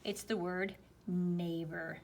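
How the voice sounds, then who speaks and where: A woman's voice: lowish voice, fairly even intonation, a little mellow, slight background noise. Patient woman teaching a spelling lesson. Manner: slow, patient, explaining step by step.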